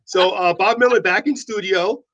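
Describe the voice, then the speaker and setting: Higher-pitched guy cohosting morning radio, joking around, playfully defensive. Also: normal speed, a bit bright, muffled recording. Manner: playful, mock-defensive teasing. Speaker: morning show co-host. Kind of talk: joking banter on a morning show.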